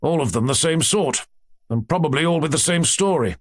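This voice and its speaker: A gruff, sarcastic aristocratic father, read by a man narrating an audiobook. His husky voice swings widely in pitch as he scolds, recorded close and dry. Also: expressive, a little fast, no room sound. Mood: stern. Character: stern irritable aristocratic father.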